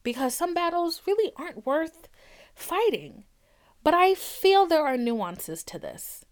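A woman's voice: very high voice, unhurried. A young woman hosting a podcast, talking bluntly and with lots of swearing, acting out arguments she has had. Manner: blunt, profane and animated, acting out quoted arguments. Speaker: podcast host. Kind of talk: candid podcast talk.

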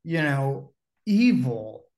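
A man talking as a podcast guest, spinning a long story with lively acted-out quotes. His pitch sits in the middle for a man, and he laughs easily between his lines. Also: drawn-out words. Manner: animated, acts out the people in his stories, laughs often. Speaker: guest, pro wrestler.

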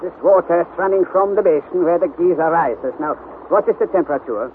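An actor playing a stubborn older professor leading an expedition, brusque, dismissive and commanding, in a 1960s radio drama. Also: male voice, on the high side, fairly quick, close to an everyday voice. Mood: imperious. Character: stubborn, imperious older male professor, the uncle. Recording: tinny, hissy old radio broadcast.

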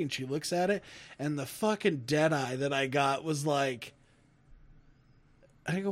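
A man in his twenties, a podcast co-host, telling stories in casual chat, animated and swearing often. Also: on the high side, moderate pace, long pauses. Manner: animated, laughing, swearing storyteller.

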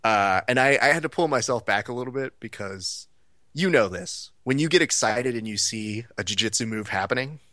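Here a medium-pitched man at normal speed tells a story on the podcast he co-hosts, bringing its characters to life in a lively, chatty way. It's a studio-quality recording without echo.

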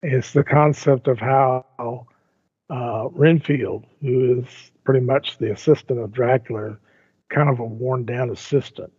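A man's voice: medium pitch, steady tone, unhurried, darkish tone, slightly rough, no room sound. An older man co-hosting a casual podcast, talking in rambling sentences with frequent restarts and repeated words. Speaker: podcast co-host. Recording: tinny phone-like line, dry.

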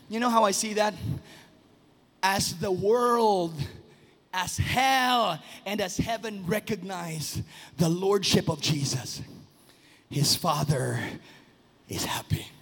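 A man preaching a sermon as pastor, swinging between sing-song shouts and sudden soft, quiet asides. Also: high-pitched, gravelly. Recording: long reverb of a large hall.

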